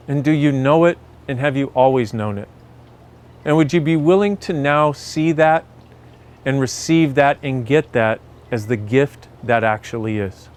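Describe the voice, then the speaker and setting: A man reading aloud and then speaking reflectively to his viewers in a gentle, earnest, emotional way. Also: mid-range voice. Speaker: self-help video host.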